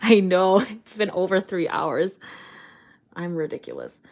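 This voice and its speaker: Chatty woman, lowish voice. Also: expressive, a little slow, gravelly, darkish tone. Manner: chatty, rambling, with many fillers and laughs. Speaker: artist streaming live. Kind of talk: casual livestream chat.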